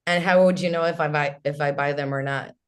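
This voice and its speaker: A woman's voice: low-pitched, brisk. A woman in her thirties from Chile, an English speaker, telling stories as a podcast guest on a video call, full of "like" and restarts. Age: 30s. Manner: animated storyteller, lots of "like" and restarts. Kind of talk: casual interview.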